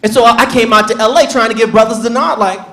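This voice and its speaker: A man's voice: extremely high pitch, fast talker, echoey room. A man from the American South hosting a comedy show, chatty and acting out bits. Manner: chatty, animated, acts out bits. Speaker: host. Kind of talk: stand-up comedy.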